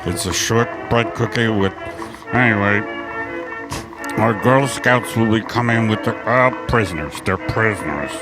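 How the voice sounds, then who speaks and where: Man doing Charles Nabisco, a rambling cookie pitchman. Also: a little slow, over loud music, natural voice. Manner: rambling pitchman patter, swearing, trailing off mid-thought. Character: rambling, profane male cookie company spokesman. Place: outdoors in a park.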